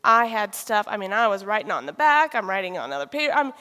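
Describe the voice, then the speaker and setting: A woman giving a personal testimony, telling her story in a lively way and acting out conversations. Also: medium pitch, fast. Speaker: speaker sharing a personal testimony. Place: church sanctuary. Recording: reverberant hall.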